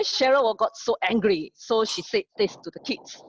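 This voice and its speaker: A woman's voice: fairly high pitch, moderate pace, few pauses, husky, highs cut off, faint music behind. A woman teaching an online class. She asks the class questions, then tells a story to make her point. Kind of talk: online lesson told as a story.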